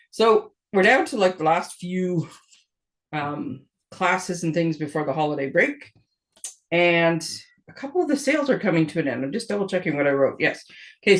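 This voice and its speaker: A middle-aged woman, hosting a casual paper crafting show. She chats in a rambling way, with restarts and quick laughs. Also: fairly low pitch. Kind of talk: casual chat.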